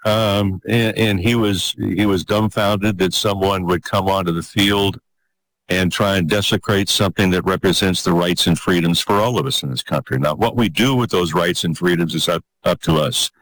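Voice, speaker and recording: Earnest older man, deep voice, dry sound. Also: fairly bright tone, no echo, low-quality recording. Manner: earnest, halting, repeats words as he gathers his thoughts. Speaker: guest telling his story. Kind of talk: reflective interview storytelling.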